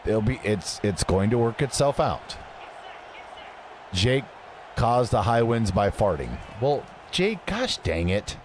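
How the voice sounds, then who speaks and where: A man's voice: fairly low pitch, very animated, slow pace, a little hiss or hum. A man chatting casually with his live-stream audience while playing a game, joking and reading chat messages aloud. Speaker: gaming streamer.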